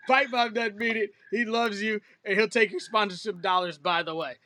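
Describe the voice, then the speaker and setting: A man's voice: sits high, steady tone, normal speed, hardly any pauses, sharp tone. A man co-hosting a casual podcast, joking loosely and teasing his partner. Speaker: podcast co-host. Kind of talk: casual chat.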